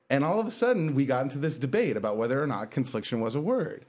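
A man's voice: medium pitch, fast. Laughing, storytelling podcast host man. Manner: animated storyteller, laughs through his punchlines. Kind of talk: casual chat.

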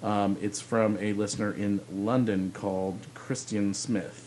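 Podcast cohost guy, chatty, reads out an email, bit of low rumble in the background. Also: little pitch movement, a little slow, darkish tone. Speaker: podcast co-host. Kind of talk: casual podcast chat, reading a listener email.

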